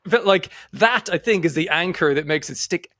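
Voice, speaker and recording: A man's voice: sits high, moderate pace, fairly bright tone, dry recording, studio quality. A man hosting a casual music interview, enthusiastic and rambling as he builds his questions. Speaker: interview host.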